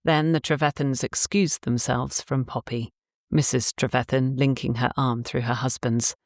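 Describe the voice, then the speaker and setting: A woman narrating a romance audiobook in a measured, even storytelling manner. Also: very deep voice, no echo, studio quality. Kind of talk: scripted narration.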